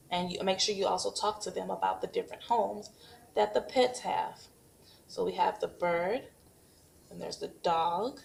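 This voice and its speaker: A woman's voice: mid-range voice, creaky, a little hiss or hum. Patient woman teaching a toddler craft. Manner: patient, slow and encouraging, models sing-song animal sounds for toddlers. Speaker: preschool teacher. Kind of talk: craft demonstration and parenting tips. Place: home.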